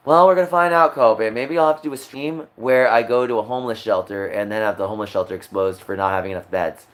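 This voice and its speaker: A man streaming live, venting in an emotional rant that swings from low muttering to a raised voice. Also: fast.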